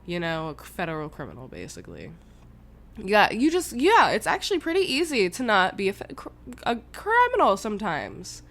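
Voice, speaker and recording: A young woman hosting a podcast, telling a personal story in a casual, animated way, slangy and swearing freely. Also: mid-range voice, moderate pace, vocal fry. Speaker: podcast host.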